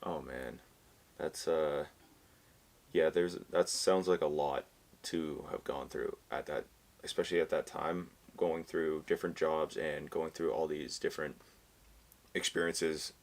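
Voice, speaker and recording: Deep, gravelly podcast host. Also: male voice, steady tone, a little slow. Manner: supportive listener, short backchannels. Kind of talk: interview.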